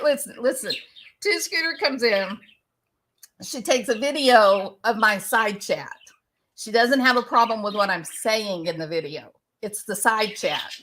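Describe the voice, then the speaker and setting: Slow-talking woman ranting to camera. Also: fairly high pitch, fairly bright tone. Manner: ranting, repeats herself. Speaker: online commentator. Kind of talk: defensive monologue to camera.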